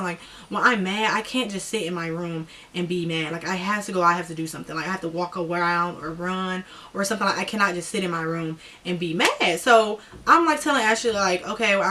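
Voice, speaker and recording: Animated young woman telling a story. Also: fairly low pitch, distant mic. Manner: animated, slangy, acts out friends' lines. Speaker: vlogger. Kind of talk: casual storytime.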